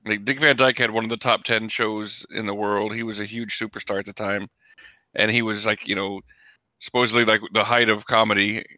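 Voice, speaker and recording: A man's voice: fairly low pitch, little pitch movement, brisk, pushed and bright, dry recording, lo-fi sound. A man co-hosting a casual podcast chat, rambling and full of "like" and "you know". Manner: rambling, heavy use of "like". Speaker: podcast co-host.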